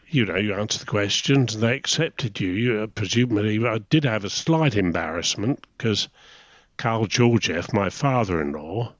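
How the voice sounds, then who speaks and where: Here a retired naval officer, an Englishman in his eighties, chuckles his way through chatty anecdotes in a casual interview about the past. His voice is on the low side, and the recording is dry and a touch dull.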